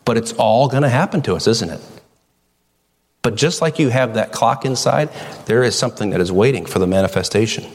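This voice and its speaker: A man's voice: medium pitch, expressive, brisk, in a large hall. A middle-aged male pastor preaching a sermon in a conversational way, full of rhetorical questions.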